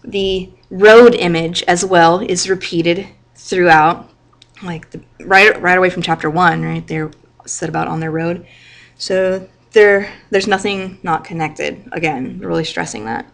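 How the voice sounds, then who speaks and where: A woman who teaches high school English, explaining a novel to her class in a chatty way, with lots of "like" and "right?". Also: steady tone, a little slow, gravelly. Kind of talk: literature lecture with reading aloud.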